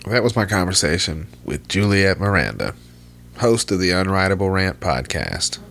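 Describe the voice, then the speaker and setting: A man with a very low, gravelly voice hosts a podcast. He rambles in a loose, laid-back way and swears freely. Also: animated, normal speed, a bit bright, a little hiss or hum. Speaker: podcast host. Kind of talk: casual podcast chat.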